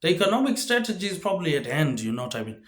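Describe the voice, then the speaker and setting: Man, fairly high voice, rambling monologue, drops low and quiet on tag words, roomy echo. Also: very animated, racing. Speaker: video host.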